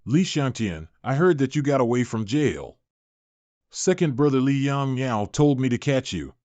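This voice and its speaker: A man voicing an arrogant, mocking male clan bully in a manhwa recap, read in a flat, even way. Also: mid-range voice, normal speed, no echo, natural voice.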